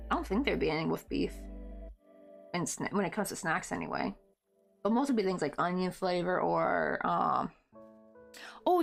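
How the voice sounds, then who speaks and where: A woman's voice: mid-range voice, creaky. A woman chatting casually with viewers while crocheting, rambling along with lots of "like" and frequent laughter. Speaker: crochet livestreamer.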